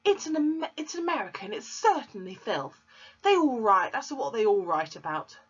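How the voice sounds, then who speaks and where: A woman's voice: fairly high pitch, very animated, moderate pace, husky, voice pushed up. Figure: sneering bad-tempered father read by a woman. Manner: snapping. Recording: dull. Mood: snapping angrily. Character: bad-tempered, scornful grown man, a father.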